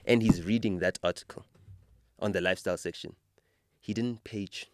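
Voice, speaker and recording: In a clean studio with no room sound, a deep-voiced South African man hosts a relaxed podcast conversation at a normal speed. Passionate and convinced, he works his way up to animated storytelling.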